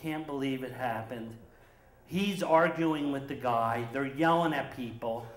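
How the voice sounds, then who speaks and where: A man telling a personal story on stage at a story slam, animated and lively as he acts out the scenes. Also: mid-range voice, measured pace. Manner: lively, animated retelling with acted quotes. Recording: roomy echoing hall.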